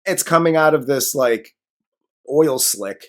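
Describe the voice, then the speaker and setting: A man's voice: medium pitch, expressive, slow, fairly bright tone. A man co-hosting a casual movie review podcast, sarcastic and profane, acting out scenes with mocking voices. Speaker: podcast co-host.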